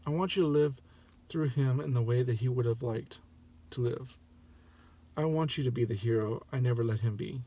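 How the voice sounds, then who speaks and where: A man voicing a grieving middle-aged father, speaking gently and regretfully in a soft, earnest tone. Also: mid-range voice, normal speed, lo-fi sound, lightly acted. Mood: pleading.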